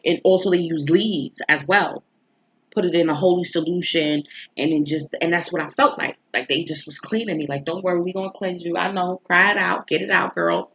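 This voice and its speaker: A woman's voice: fairly low pitch, a bit bright. A woman tarot reader telling viewers a personal story in a casual, candid, emotional way, swearing freely. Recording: slightly dull lo-fi recording.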